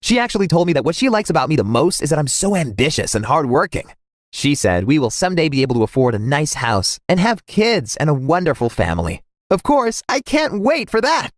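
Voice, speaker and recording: Lively man narrating a story. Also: on the high side, brisk, no room sound, clean studio sound. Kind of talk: scripted first-person story narration.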